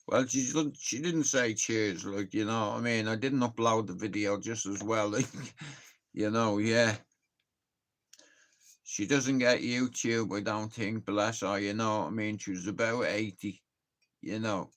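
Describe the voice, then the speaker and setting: Irish lad on a live stream, laid-back and slow-talking, curses freely, chats to viewers like mates. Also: male voice, mid-range voice, a bit bright. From Ireland. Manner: sweary, rambling storytelling, laughs at own tales. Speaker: livestreamer. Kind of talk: casual live-stream chat.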